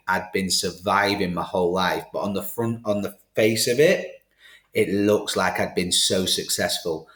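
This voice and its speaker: A middle-aged man with a fairly low voice tells his story in a candid, animated way, acting out the voices of the people in it. His speech carries a noticeable room echo, as if recorded in a live studio. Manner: animated, acts out quoted exchanges. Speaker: podcast guest.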